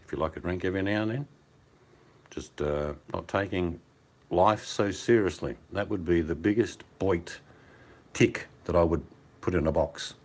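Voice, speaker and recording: Here the older Australian man sounds low-pitched with a breathy edge. Calling in on a phone over mobile data from beside his home fireplace, he rambles through relaxed, blokey small talk with the others in the hangout.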